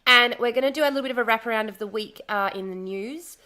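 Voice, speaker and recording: Woman streamer, chatty and bubbly, high and bright, slightly hoarse. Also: quick pace. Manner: chatty, bubbly greetings, swears casually. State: recovering from lost voice, slightly hoarse. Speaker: livestream host. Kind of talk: casual livestream chat.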